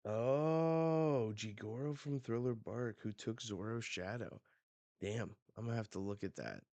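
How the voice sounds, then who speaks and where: A man's voice: on the low side, expressive, normal speed, a little mellow, no room sound. A man hosting a live reaction, casually reading a comic aloud, narrating the panels and laughing often. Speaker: manga reaction host.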